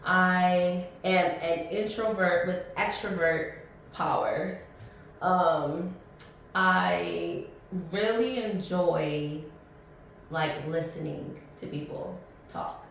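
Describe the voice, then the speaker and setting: A woman of thirty chats through her own podcast, blunt and rambling, with plenty of ums and false starts. Her voice sits a little low. She sounds set back from the mic in a very echoey room with faint noise behind her. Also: steady tone, very slow, gravelly, fairly bright tone, recorded from a distance. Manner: rambling and chatty, many ums and restarts, blunt. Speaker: podcast host. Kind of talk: casual solo podcast chat.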